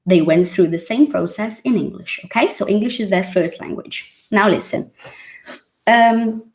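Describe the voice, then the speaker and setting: A woman's voice: medium pitch, moderate pace, darkish tone. A woman in her thirties from Brazil, teaching English in a chatty, emphatic monologue and acting out the voices she quotes.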